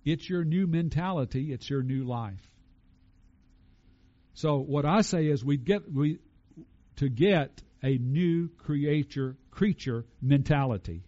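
A man's voice: fairly high pitch, takes it slowly, warm tone, highs cut off. A man preaching a conversational sermon and asking his congregation questions. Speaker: pastor.

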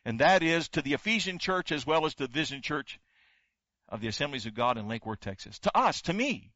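A man's voice: fairly high pitch, lively intonation, brisk, pushed and bright, dry recording, lo-fi sound. A male pastor delivering a sermon, building points through emphatic repetition.

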